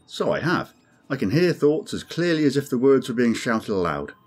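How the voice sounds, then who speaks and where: A man's voice: medium pitch, very animated, moderate pace, husky, voice pushed up. A man voicing a grim, sardonic male alien crewman who speaks dryly and insistently. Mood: troubled. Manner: dry, insistent, ominous.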